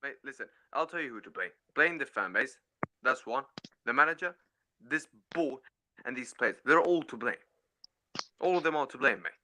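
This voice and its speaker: A man's voice: medium pitch, lively intonation, normal speed, long pauses, sharp tone. A man ranting in fury as a caller on a fan stream, swearing and repeating "mate" and "yeah". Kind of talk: angry football fan rant.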